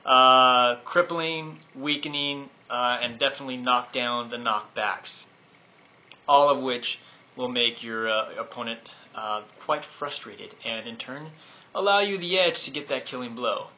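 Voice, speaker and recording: Man presenting game weapons, enthusiastic, rambling, very bright sharp voice. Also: medium pitch, a little slow, dull audio. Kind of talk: casual gameplay overview.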